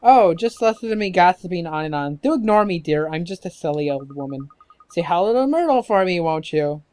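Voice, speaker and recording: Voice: mid-range voice, expressive, brisk, darkish tone, clean tone, close to an everyday voice. A gamer voicing a fussy, gossiping old woman neighbor while reading game dialogue aloud. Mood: gossipy. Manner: gushing, gossipy. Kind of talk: let's-play dialogue read aloud.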